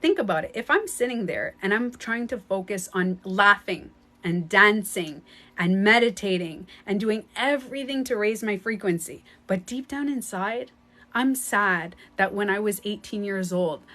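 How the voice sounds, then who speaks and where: A woman talks straight to her viewers as a spiritual coach. Her voice sits in an ordinary middle pitch. She is emphatic and blunt, swears casually and circles back over her points. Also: fairly bright tone. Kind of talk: casual motivational talk to viewers.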